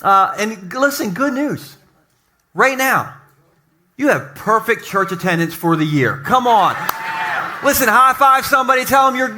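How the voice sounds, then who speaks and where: A man preaching to his congregation in a lively, joking way, speaking in a church basement. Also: very high-pitched, a little slow, a little hiss or hum. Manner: energetic, joking, talks to the congregation. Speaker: pastor. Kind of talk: lively sermon opening.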